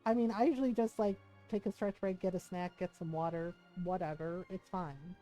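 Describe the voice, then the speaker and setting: A woman's voice: on the low side, fairly even intonation, a little fast, dark tone, faint music behind. A middle-aged woman streamer chatting casually while gaming, laughing often and swearing freely.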